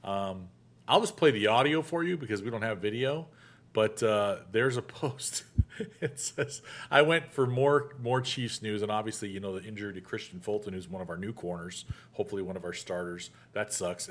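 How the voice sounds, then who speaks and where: A man's voice: lowish voice, brisk. A middle-aged man hosting a casual chat show, joking and laughing as he talks. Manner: chatty, joking, laughs often. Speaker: show host.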